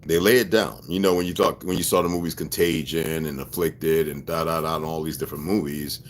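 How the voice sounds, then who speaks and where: A man's voice: a bass voice, fairly even intonation, brisk. A man talking straight to his viewers in a rambling, emphatic, profanity-laced monologue, often checking whether they follow him. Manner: profane, emphatic, conspiratorial rant. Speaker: video blogger.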